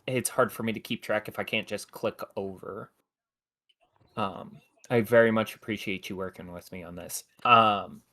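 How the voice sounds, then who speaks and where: Man, game master, live-streamed tabletop game, slow, halting, lots of fillers. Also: mid-range voice, fairly bright tone. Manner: hesitant, many fillers, apologetic.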